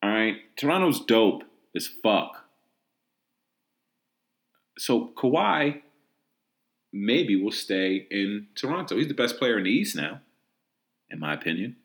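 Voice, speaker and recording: A man's voice: on the low side, takes it slowly, long pauses. Rambling, profane man hosting a podcast. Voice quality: profane, rambling, heavy use of "like" and "um". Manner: animated, mocking, incredulous. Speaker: podcast host. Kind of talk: solo sports commentary podcast.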